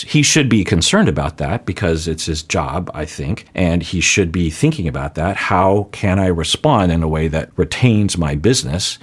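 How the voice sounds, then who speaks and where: A man giving measured, analytical reaction commentary as he grades a public apology, now and then laughing lightly at himself. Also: deep voice.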